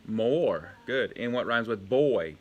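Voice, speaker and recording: A man's voice: mid-range voice, expressive, takes it slowly, muffled recording. A male elementary school teacher giving a home video lesson to young pupils, patiently asking questions and praising the answers.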